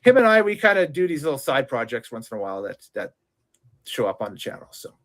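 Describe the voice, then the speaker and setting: A man hosting a casual podcast, talking in halting bursts and laughing between words. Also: mid-range voice, big pitch swings, fairly bright tone. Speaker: show host.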